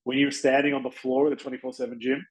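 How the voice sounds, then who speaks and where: A man's voice: mid-range voice, little pitch movement, fast, poor audio. A man with an Australian accent talks in a casual coaching style. He is blunt and chatty, and he keeps breaking into short acted-out exchanges to make his point. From Western Australia. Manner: blunt, chatty, acts out little dialogues with people. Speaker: podcast host and chiropractic practice coach.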